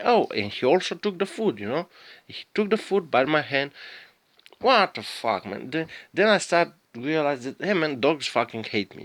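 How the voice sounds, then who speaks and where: An English-speaking man tells a meandering, profane story in a casual monologue, frequently pausing as he hunts for the right words. His voice is mid-range with a fairly bright tone, and the recording is dry.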